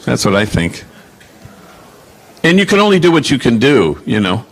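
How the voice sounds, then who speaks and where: A man in his sixties, a Jesuit priest answering audience questions, telling stories in a reflective, halting way with many fillers. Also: mid-range voice, very animated, slightly rough, a faint crowd. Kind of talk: Q&A storytelling.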